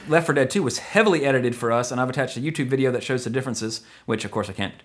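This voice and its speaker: A man's voice: medium pitch, very fast. A man hosting a podcast in casual chat, rambling and joking, often correcting himself mid-sentence. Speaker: podcast host.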